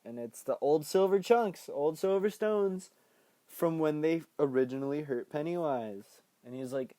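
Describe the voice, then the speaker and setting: Mellow young man recapping a movie. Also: fairly high pitch, unhurried, dry recording. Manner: playful, laughs often, bursts into excited quoted voices. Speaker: podcast host recapping a film.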